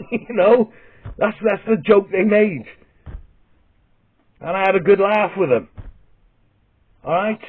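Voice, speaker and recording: Over a tinny, phone-quality recording, a Welsh vlogger-comedian tells a meandering funny story. His voice is high-pitched with a breathy edge, and he's sweary and blunt, often starting over.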